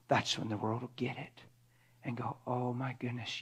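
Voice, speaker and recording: A middle-aged man preaching in a conversational sermon, often dropping to a hushed whisper for emphasis. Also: mid-range voice, unhurried, slightly rough.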